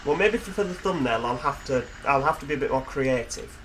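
A man's voice: medium pitch, expressive, fairly quick, fairly bright tone, a little hiss or hum. A man with a Yorkshire accent giving casual, joking commentary over a driving game and poking fun at himself along the way. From Yorkshire, England. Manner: chatty, jokey, self-mocking asides. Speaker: gaming video host.

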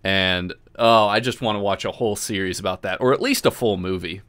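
A man's voice: lowish voice, a little fast, a bit bright, clear, resonant tone. A man hosting a casual livestream, chatting loosely with viewers, swearing often and laughing as he talks. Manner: laid-back, swears often, laughs while talking. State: drinking beer, burps. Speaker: host.

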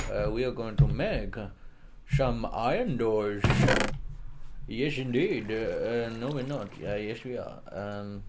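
A man talks through his gameplay at an unhurried pace, joking and muttering to himself. His pitch swings widely from low grumbles to high squeaks. A steady hiss of noise and keyboard clicks sits underneath. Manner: joking, rambling, talks to himself, makes silly sound effects. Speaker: let's play gamer. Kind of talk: casual gameplay commentary.

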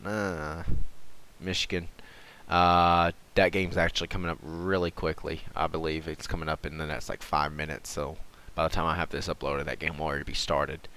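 A man with a low, smooth, clean voice talks over a screen recording in a relaxed, thinking-aloud way. He hesitates often, fills gaps with "uh" and "um", and corrects himself as he goes. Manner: unhurried, hesitant, lots of fillers and self-corrections. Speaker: gaming and sports channel host. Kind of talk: casual thinking-aloud commentary.

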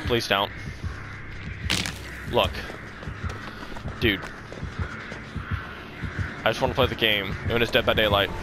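A man giving live gameplay commentary who swears a lot and swings from low mumbles to loud shouts. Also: fairly even intonation, takes it slowly, long pauses, noisy background. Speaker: gaming streamer.

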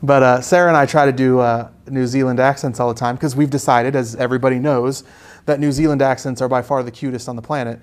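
A man's voice: mid-range voice, fast. Easygoing man chatting while painting. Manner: relaxed, joking, chatty asides. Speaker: art instructor hosting a live painting stream. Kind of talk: casual live tutorial chat.

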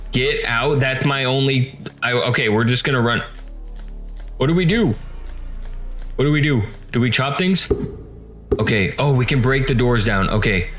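A gaming YouTuber talks his viewers through a horror game. His voice sits in a middle range, and he reacts in a jumpy, excitable way. Game music runs clearly underneath him. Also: mid-range voice. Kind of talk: let's-play commentary.

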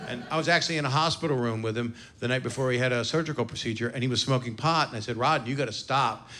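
A man's voice: mid-range voice, racing, sharp tone. A man in his sixties doing a brash, profane stand-up set, teasing the crowd between stories on a stage mic. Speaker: stand-up comedian. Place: comedy club stage before a live audience. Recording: noisy live club recording.

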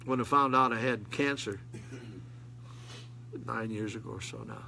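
A man's voice: mid-range voice, normal speed, creaky, background noise. An older man, preaching a sermon in a folksy manner that rises to emphatic calls. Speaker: pastor.

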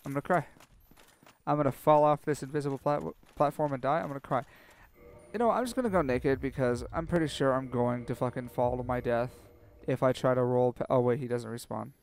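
A young man commentating his own gameplay, sarcastic and self-mocking, swearing freely and panicking out loud when things go wrong. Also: medium pitch, smooth. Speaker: let's play commentator.

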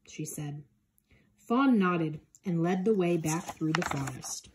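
A woman reading a children's picture book aloud in a gentle, expressive way. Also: lowish voice, slow pace, noisy background. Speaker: storybook reader.

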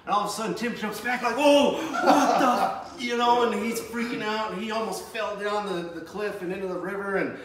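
A man recapping a scary moment on a treasure hunt with a friend, animated and laughing as he tells it. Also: sits high, fast, hardly any pauses, a loud crowd. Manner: animated, laughing while retelling a scare. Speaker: treasure hunting team member. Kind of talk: casual recap storytelling. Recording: echoey, distant mic with faint noise.

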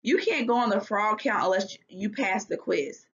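A woman's voice: mid-range voice, animated, moderate pace, fairly bright tone, slightly rough. A woman voicing an anxious young boy who worries and protests. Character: anxious young boy studying frog calls. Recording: dull lo-fi recording.

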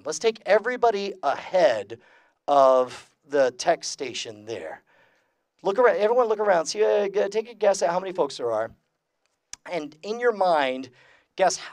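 Energetic joking man lecturing a crowd. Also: sits high, no echo. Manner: joking and energetic, polls the crowd and laughs at his own lines. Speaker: lecturer at a skeptics convention panel. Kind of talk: comedic skeptic lecture to a live audience. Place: large convention room with about two hundred people.

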